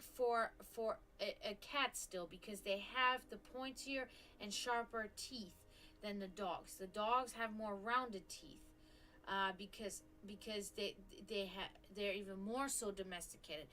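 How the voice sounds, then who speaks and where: A woman's voice: medium pitch, a little slow, bright, forceful tone, slight background noise. A woman hosting a live stream, chatting casually and rambling, with frequent restarts and offhand swearing. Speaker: stream host.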